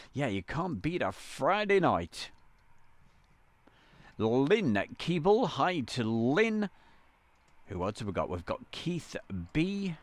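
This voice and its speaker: A chatty man hosts a live stream from inside a van, calling out viewers' names as he greets them. His pitch rises and falls in a lively, sing-song way, sitting right in the middle for a man. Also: no room sound. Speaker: livestream host.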